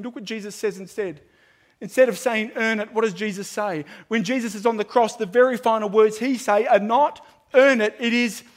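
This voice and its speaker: High-voiced preacher, fervent. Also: male voice. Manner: emphatic, swings from loud proclamation to hushed appeal. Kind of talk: evangelistic sermon. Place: large room with a live audience.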